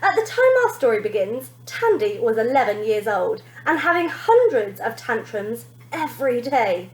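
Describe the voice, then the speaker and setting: Lively teacher reading a storybook aloud. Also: female voice, a little high, moderate pace, roomy sound, low-quality recording. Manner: lively expressive, pointing out pictures.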